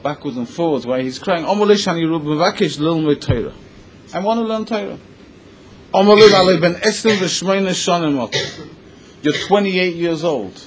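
A man teaching a Talmudic story in English, mixing Hebrew and Yiddish terms into his lively retelling. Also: a little high, slight background noise, rough recording. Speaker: Torah teacher.

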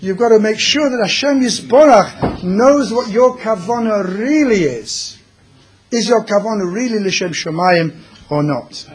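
A man's voice: high voice, lively intonation, measured pace, a little hiss or hum. A man teaching a religious class, telling stories and mixing in Yiddish and Hebrew terms.

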